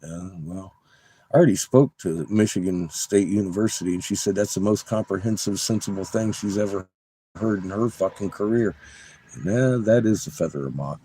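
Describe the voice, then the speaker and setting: Low, dark-voiced man ranting excitedly. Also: moderate pace, slight background noise. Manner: profane, excitable, conspiratorial rambling. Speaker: vlogger showing rocks. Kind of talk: rambling casual monologue.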